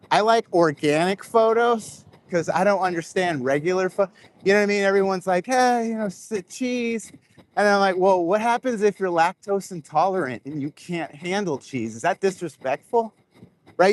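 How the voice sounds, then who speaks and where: A man chatting casually to his viewers while walking laps outdoors, talking into a microphone close to his face. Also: sits high. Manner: chatty, rambling, addresses viewers directly. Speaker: vlogger. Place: outdoors on a walk. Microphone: clip-on microphone close to face.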